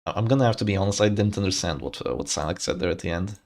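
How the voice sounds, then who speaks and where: A man commentates a live game tournament on his stream, talking casually and thinking aloud. His voice sits low but moves a lot, rising and dipping as he reacts. Faint game music plays underneath him. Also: racing. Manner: animated, chatty, thinking aloud with frequent restarts.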